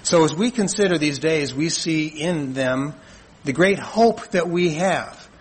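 A man preaching a sermon in an earnest, measured way, asking rhetorical questions and answering them. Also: on the high side, breathy edge, poor audio. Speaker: pastor.

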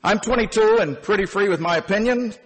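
A man in his fifties telling a first-person story, animated and emphatic. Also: high-pitched, brisk, breathy edge, big-room sound. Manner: animated and emphatic, with punchy phrasing.

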